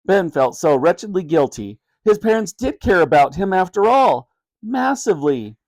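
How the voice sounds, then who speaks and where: Animated man reading a storybook. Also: sits high, normal speed, gravelly, no echo. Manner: animated, expressive. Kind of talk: reading a children's book aloud.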